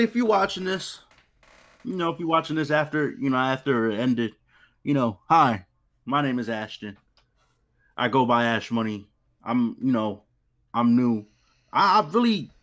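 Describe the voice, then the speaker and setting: A man's voice: medium pitch, fairly bright tone. A young man co-hosting a live sports talk stream, joking and ranting in casual banter. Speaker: co-host.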